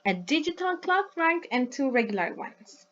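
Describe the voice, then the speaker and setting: A woman's voice: high-pitched, very animated, muffled recording, background noise. A woman teaching an English lesson in a recorded video, modelling words for her students to repeat and checking in with them often. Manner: patient, checks in with "right?" and "yes?"; models words slowly for repetition.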